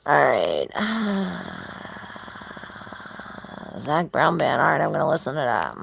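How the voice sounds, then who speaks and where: A woman's voice: mid-range voice, sing-song, takes it slowly, creaky, long pauses. A woman giving a live-streamed tarot reading, rambling and chatting with viewers between cards. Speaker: tarot reader.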